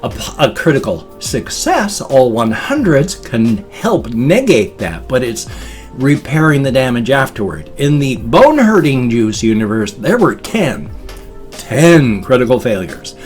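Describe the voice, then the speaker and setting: A man's voice: mid-range voice, big pitch swings, a little slow, a little mellow, soft background music. A man in his fifties, vlogging in a rambling, playful way and dropping silly sound effects into his talk. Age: 50s. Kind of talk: casual vlog monologue.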